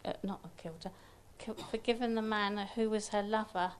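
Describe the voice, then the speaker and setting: Grieving husband, earnest and begging, gentle; a woman narrator voices him. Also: mid-range voice, fairly even intonation, normal speed, clean tone, lightly acted. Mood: pleading. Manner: earnest, pleading. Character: grieving young husband, pleading and forgiving.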